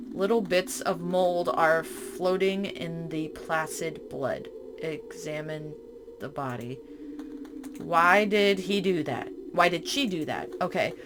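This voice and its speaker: A woman's voice: on the low side, noisy background. Woman reading a horror game aloud. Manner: reads the game text aloud, breaking off for startled, chatty asides. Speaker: game streamer.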